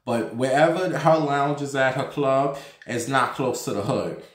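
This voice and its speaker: This gossip vlogger from New York hosts his own show, casually talking about celebrities with a campy, sassy, profane flair. His voice is mid-range and a little slow, and the recording has the echo of a roomy home room.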